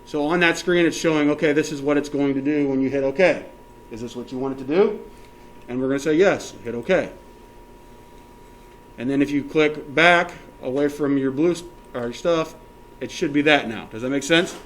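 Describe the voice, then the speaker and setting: A male teacher giving a classroom software lesson step by step, often checking that everyone is following and counting options aloud. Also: a little high, normal speed, slight background noise.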